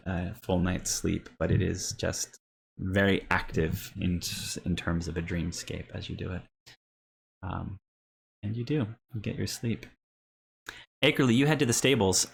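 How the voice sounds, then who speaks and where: A man's voice: low-pitched, gravelly, husky. A man narrating a tabletop role-playing game as game master, rambling with many ums and restarts.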